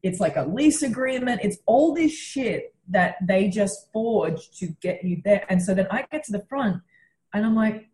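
A woman's voice: mid-range voice, lively intonation, normal speed, a little mellow. An Australian woman from Western Australia, a young comedian animatedly telling a story in a casual chat, swearing freely and acting out quotes. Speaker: comedian guest. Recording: roomy echo.

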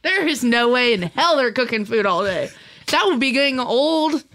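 A woman's voice: a little high, expressive, moderate pace, a bit bright. A woman comedian riffing on a comedy podcast, playfully mock-angry and over the top. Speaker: comedian guest. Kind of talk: improvised comedy podcast banter.

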